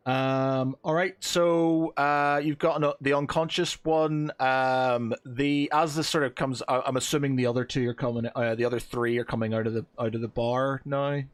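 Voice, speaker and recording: A man's voice: medium pitch, steady tone, normal speed, few pauses, smooth. A man narrating as game master of a tabletop game, loose and meandering.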